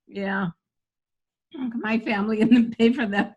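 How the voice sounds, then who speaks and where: A woman's voice: a little high, moderate pace. A older woman coaching comedy in casual chat, reading jokes aloud and laughing often.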